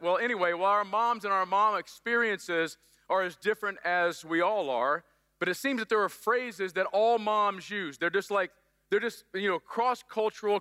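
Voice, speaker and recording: A man's voice: high voice, bright, forceful tone, clear, resonant tone, in a large hall. A middle-aged man preaching a sermon as pastor, upbeat and joking with the congregation in a church. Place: church sanctuary.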